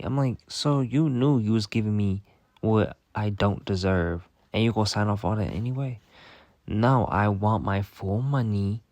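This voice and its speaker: A man's voice: fairly low pitch, darkish tone, no echo. A young man ranting in a casual storytime vlog, exasperated and repetitive, swearing often. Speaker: vlogger.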